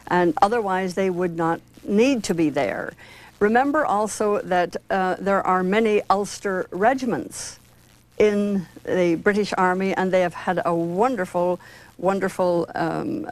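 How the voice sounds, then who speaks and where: A woman's voice: medium pitch, poor audio. A woman in a mid-range voice argues firmly on a televised panel. She states her points emphatically, almost lecturing.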